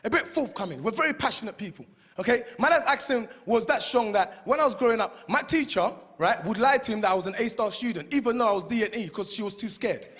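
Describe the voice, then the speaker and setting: A man with a London accent, born in Congo, doing animated, high-energy stand-up comedy in a large hall. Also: fast. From born in Congo, raised in London. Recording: echoey hall with long reverb.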